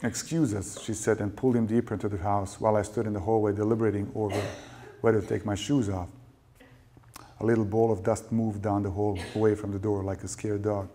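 A novelist reading his own fiction aloud at a lecture event, with measured, dry storytelling. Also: lowish voice, little pitch movement, mellow.

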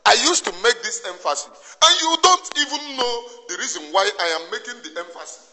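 An activist commentator with a Nigerian Igbo accent delivers an impassioned monologue, scolding emphatically and preachily while repeating himself. His very high voice is sing-song, brisk and sharp, heard with long reverb.

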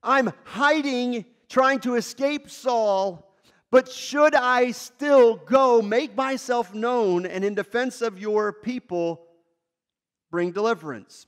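An earnest young male warrior leader pleads with his god in a slow, high voice, as a preacher acts him out in a sermon. His lines come drawn out and searching, with an upward lift in tone. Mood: pleading.

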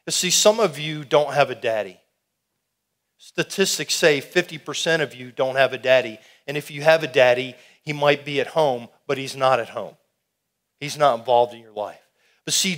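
A middle-aged man giving an animated, folksy testimony sermon to a youth rally, calling out to the crowd. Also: on the high side. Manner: animated, folksy, audience call-and-response.

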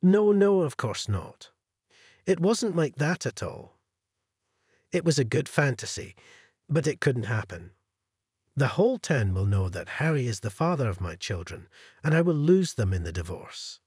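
A man narrating a first-person revenge story in a cold, measured way, with a husky voice. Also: mid-range voice, sing-song, darkish tone, dry recording, clean studio sound.

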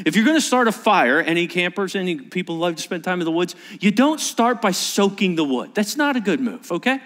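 Animated high-voiced male preacher. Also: fairly quick, few pauses. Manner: animated storytelling, acts out scenes. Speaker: pastor. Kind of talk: sermon. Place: large church auditorium. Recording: echoey large hall.

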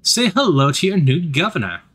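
A proud, easygoing commander delivers his stubborn declarations with a smug ease, voiced by a male reader. The delivery swings widely and sounds bright and forward. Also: on the high side, big pitch swings, normal speed, husky, pitched above the performer's own voice, full character voice.

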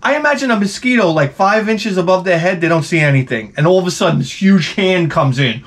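A man ranting in a casual, profane, wry way, with a voice that sits a little high. His delivery is animated, and he jumps up into a higher voice to act out the people he quotes. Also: a little fast. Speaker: vlogger. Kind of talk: casual comedic rant.

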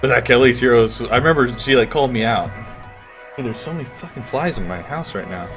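A man's voice: mid-range voice, a little fast, fairly bright tone, faint music behind. A man streaming a game while drunk, chatting loosely with a friend, laughing and swearing casually.

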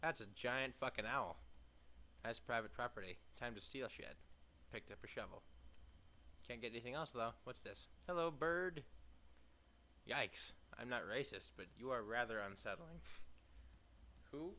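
Brief: male let's player, sarcastic and sweary, bright tone. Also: medium pitch, moderate pace. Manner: sarcastic, profane joking. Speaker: let's play gamer. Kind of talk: casual gameplay commentary.

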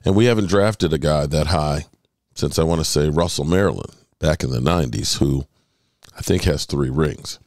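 Sports podcast host, man, deep voice, emphatic commentary, drawn-out stresses, dry mic. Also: a little mellow, dry recording. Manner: emphatic, stretches words for emphasis. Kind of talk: solo commentary.

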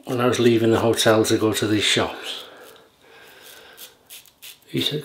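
A man's voice: on the low side, fairly even intonation, unhurried. A man chatting casually while shaving, telling rambling stories that often lose their thread. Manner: rambling, anecdotal, chuckling, loses his thread. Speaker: shaving vlogger. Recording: roomy with faint noise.

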